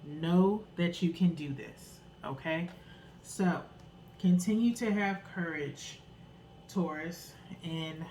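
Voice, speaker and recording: A woman's voice: sits low, fairly even intonation, takes it slowly, a little hiss or hum, rough recording. A woman giving a casual, earnest tarot reading, encouraging her listeners and ending phrases with a questioning "okay?". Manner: loose, rambling delivery with restarts. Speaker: tarot reader.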